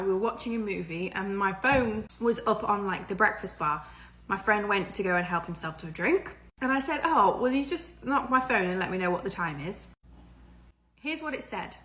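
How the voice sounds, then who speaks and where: A woman's voice: mid-range voice, a bit bright. A British woman vlogger telling a short story to camera in a chatty, amused way.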